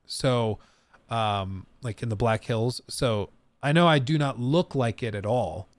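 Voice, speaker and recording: Speaking at a measured pace in a medium-pitched voice, a thirty-something man from the United States hosts a livestream. His casual chat is animated and rambling, with frequent laughter, captured in a dry recording.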